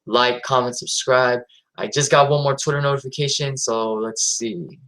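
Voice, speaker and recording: A man's voice: medium pitch, fairly even intonation, normal speed, a bit bright, low-quality recording. A man hosting a live stream in a casual, rambling way, with lots of fillers and restarts.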